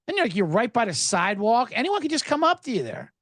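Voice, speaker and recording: A very high-voiced podcast host talks fast over a dry, studio-quality recording. He delivers a comedic rant, animated and sarcastic, with swearing and snippy dialogue he acts out himself.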